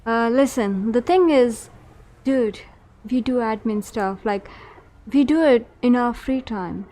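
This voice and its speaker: A woman's voice: fairly high pitch, takes it slowly. A woman game server admin in casual voice chat, questioning players and insisting on being heard. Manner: questioning, insistent, tries to calm things.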